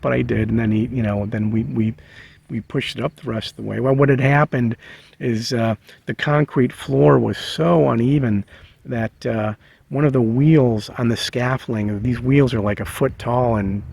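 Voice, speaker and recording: A man casually telling a personal story, halting with many fillers and restarts. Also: medium pitch, gravelly, darkish tone, slight background noise. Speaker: vlogger sharing a memory. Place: living in a bus.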